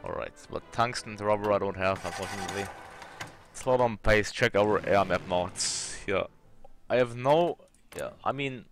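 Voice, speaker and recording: Low-voiced man narrating a strategy game. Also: moderate pace, faint music behind. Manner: thinks aloud, swears at game bugs. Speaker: let's play host.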